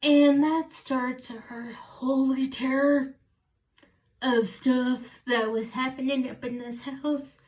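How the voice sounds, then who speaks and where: A woman's voice: high-pitched, steady tone, takes it slowly, recorded from a distance. A woman telling a story in a casual, rambling way, often stopping to correct herself. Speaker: vlogger.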